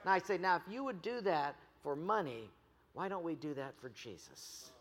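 A man preaching a sermon as pastor, animated, telling stories and putting on voices for the people he quotes. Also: a little high, moderate pace. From United States. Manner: animated storytelling with jokes and acted quotes. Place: church. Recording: long reverb of a church hall.

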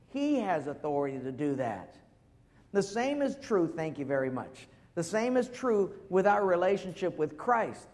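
A man preaching a sermon as pastor, lively and conversational, asking the congregation questions. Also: fairly high pitch. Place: church hall. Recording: long reverb of a large hall.

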